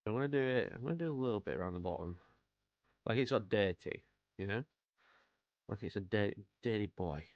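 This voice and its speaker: A British man from the United Kingdom hosts a live stream as he paints miniatures, chatting casually and greeting viewers by name. His voice is fairly low, clear and resonant. The recording is dry and sounds dull.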